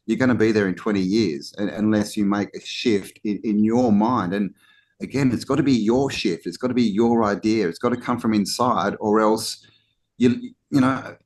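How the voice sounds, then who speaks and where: Animated man co-hosting a talk show. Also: fairly low pitch, normal speed. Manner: animated, acts out mock quotes, many "you know" restarts. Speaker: podcast co-host. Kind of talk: casual conversational talk.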